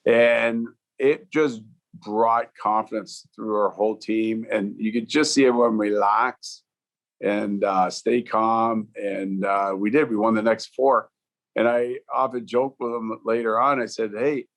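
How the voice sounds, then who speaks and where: A man in his fifties, a former hockey player and coach, telling stories in an interview with a relaxed, rambling delivery and many fillers. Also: lowish voice, unhurried. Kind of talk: storytelling in a podcast interview.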